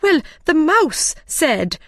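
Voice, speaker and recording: Nervous storybook hatter, high and pleading, voiced by a woman. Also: very animated, very slow, fairly bright tone, no echo, studio quality, exaggerated voice. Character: nervous, frightened male hatter on trial.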